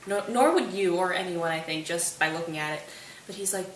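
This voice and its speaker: A woman's voice: on the low side, brisk, recorded from a distance. A woman casually retelling a play in a chatty, wry, slangy manner. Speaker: student summarizing a play. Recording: roomy, off-mic, faint hiss.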